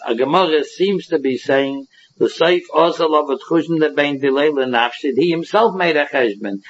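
Man, Talmud lecture, slightly high voice, acts out both sides, muffled lo-fi sound. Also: breathy edge. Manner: explains passages by acting out the disputing sides. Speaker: Talmud teacher. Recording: dull lo-fi recording.

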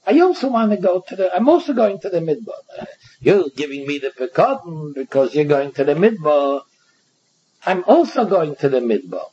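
A man with a Yeshivish English accent teaching a Talmud passage aloud, reading lines and then explaining them, often halting and repeating words. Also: fairly high pitch, big pitch swings, dark tone, breathy edge. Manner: halting, repeats words and restarts, reads Aramaic then translates. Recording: dull lo-fi recording.

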